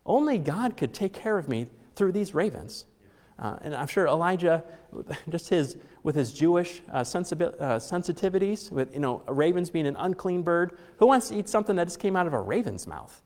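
A man's voice: a little high, big pitch swings, moderate pace, darkish tone. A middle-aged man preaching a conversational sermon to his congregation, chatty, with joking asides and frequent fillers and restarts. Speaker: pastor. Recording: long hall reverb.

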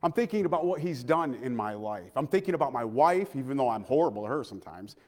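A man in his thirties preaching a personal sermon in a church, earnest, moving between loud appeals and hushed, quiet passages. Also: medium pitch, animated, quick pace. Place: church sanctuary. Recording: long church hall reverb.

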